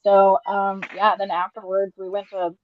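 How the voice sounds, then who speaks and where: A woman from Montana chatting casually as a guest over a video call, relaxed and trailing off. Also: mid-range voice, normal speed. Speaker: guest artist. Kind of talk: casual chat. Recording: dull muffled sound.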